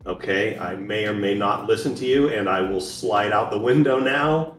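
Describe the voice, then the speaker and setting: A man calling in as a co-host, joking in a deadpan, playful way. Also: on the low side, moderate pace, echoey room, soft background music. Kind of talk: joking banter.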